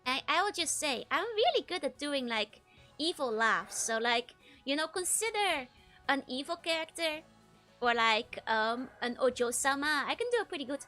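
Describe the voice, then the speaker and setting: A woman's voice: sits high, expressive, moderate pace, pushed and bright, faint music behind. A young woman with a Dutch accent, chatting casually while streaming a game and laughing often between sentences. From Netherlands. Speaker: VTuber streamer. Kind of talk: casual gameplay chat with chat readers.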